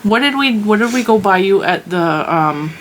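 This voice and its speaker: A woman's voice: medium pitch, expressive, normal speed, slight background noise. Chatty mom teasing her kid. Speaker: vlog host and mother. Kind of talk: casual chat with her child.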